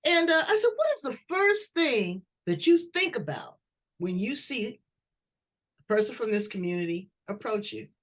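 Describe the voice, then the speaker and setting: A woman's voice: on the high side, normal speed. A woman hosting an interview, chatty and blunt, telling stories as she asks questions. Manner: blunt, chatty, animated storytelling. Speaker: talk show host. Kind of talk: interview, casual chat.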